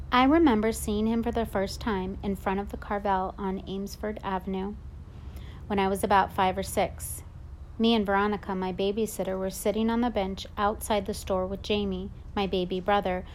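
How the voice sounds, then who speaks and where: A woman's voice: medium pitch, steady tone, moderate pace, a little mellow, slight background noise. A woman narrating a storybook in the first person, in a confiding, reflective way. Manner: confiding, reflective boy's point of view. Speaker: audiobook narrator.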